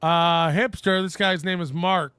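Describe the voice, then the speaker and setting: Bright, clear-voiced joking co-host. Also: male voice, high voice, fairly even intonation, measured pace, dry recording, studio quality. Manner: wry, joking, reads chat messages aloud. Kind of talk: casual livestream chat.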